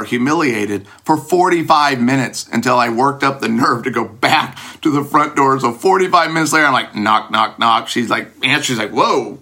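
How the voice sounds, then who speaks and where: A man with a bright, forceful voice recounts an embarrassing story about himself. He talks in an animated, self-mocking way and leaps far up in pitch whenever he acts out a line. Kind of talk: personal anecdote told to an audience.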